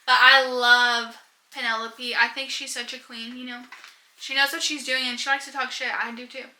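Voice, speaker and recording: A woman's voice: high voice, flat delivery, normal speed, pushed and bright, echoey room, low-quality recording. A young woman chatting casually about books on a vlog, rambling and giggling as she goes. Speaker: book vlogger. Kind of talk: casual chat.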